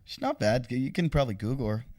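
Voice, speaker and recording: A man's voice: mid-range voice, expressive, fast talker, a little mellow. A man, a comedian, telling a long, crude anecdote on a casual podcast and chuckling as he goes. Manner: rambling, profane anecdote with chuckles.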